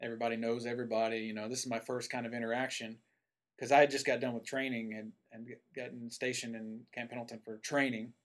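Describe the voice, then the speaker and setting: A man's voice: mid-range voice, flat delivery, quick pace. A man from Tennessee telling a personal story in a casual, rambling way, full of asides. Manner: rambling, with many asides and fillers.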